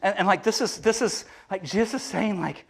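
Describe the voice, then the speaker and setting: A man preaching in a high, light voice. He talks in a loose, conversational way, stumbling and restarting often as he works through a passage. His delivery stays animated and informal. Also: brisk, gravelly, breathy edge. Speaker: pastor. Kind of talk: sermon.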